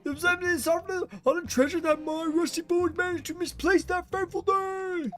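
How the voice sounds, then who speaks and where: A man voicing a frantic old man who frets over his lost treasure, with a shrill, quavering, wailing delivery. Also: fairly even intonation, moderate pace, fairly bright tone, faint music behind. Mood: pleading. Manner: wailing, exaggerated dismay. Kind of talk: reading game dialogue aloud with voices.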